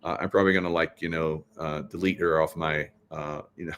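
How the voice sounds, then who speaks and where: A man's voice: a bass voice, little pitch movement, brisk, a bit bright, slight background noise. A middle-aged man hosting casual political commentary, rambling with many fillers and tag questions. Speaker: host.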